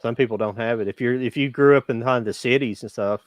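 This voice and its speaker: A man's voice: mid-range voice, fast, no echo. A man from rural Kentucky with a country accent, giving blunt opinions in casual podcast chat.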